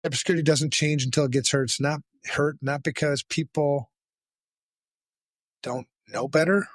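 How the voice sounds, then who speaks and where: A man's voice: a little high, fairly even intonation, normal speed, dry recording. A man co-hosting a casual podcast, joking around and swearing freely. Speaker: podcast co-host.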